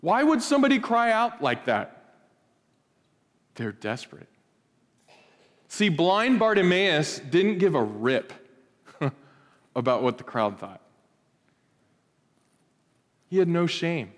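A middle-aged male pastor preaching in a church, his voice sitting a little high for a man. He talks to the congregation in a conversational way and swells into loud, animated bursts. The sound carries a long reverb from the hall. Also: slow pace, pauses often. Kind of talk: sermon. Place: church sanctuary.

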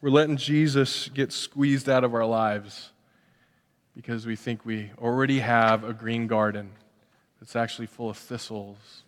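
A middle-aged man preaching a sermon as a pastor, animated, acting out little voices and asides. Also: medium pitch, measured pace. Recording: long hall reverb.

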